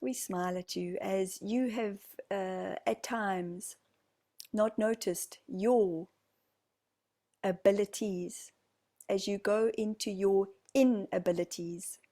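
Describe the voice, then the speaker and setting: A woman with a New Zealand accent leading a channeled group session, speaking slowly and formally as "we". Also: medium pitch, steady tone. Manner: slow, soft, formal speech speaking as "we".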